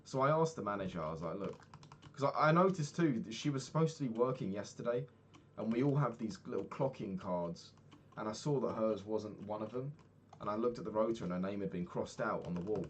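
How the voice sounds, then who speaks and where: A man's voice: on the low side, expressive, a little fast, a little hiss or hum. A young man telling a personal story in a casual, candid way, swearing freely and acting out the people he quotes. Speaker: podcast host.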